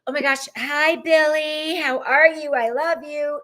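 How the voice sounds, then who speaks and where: A woman's voice: high-pitched, fairly even intonation, measured pace, pushed and bright. A woman hosting a live tarot stream, gushing and greeting viewers by name in casual chat.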